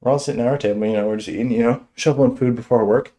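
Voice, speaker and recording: A young man telling a stand-up story in an animated way, chuckling as he goes. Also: mid-range voice, racing. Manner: animated, chuckles through his own story. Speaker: stand-up comedian.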